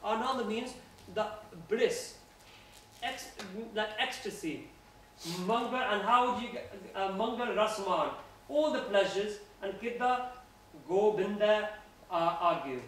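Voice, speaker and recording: Earnest male guest speaker, fairly high voice, informal religious talk, distant mic in a boomy room. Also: takes it slowly. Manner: earnest, conversational. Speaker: guest speaker at a university society. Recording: echoey room, voice from afar, faint noise.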